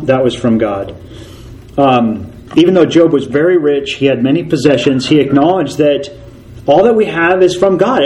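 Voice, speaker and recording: A man preaching a sermon as a pastor. He talks earnestly, repeats key phrases for emphasis and slows down when he reads scripture. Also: on the high side, a little mellow, poor audio.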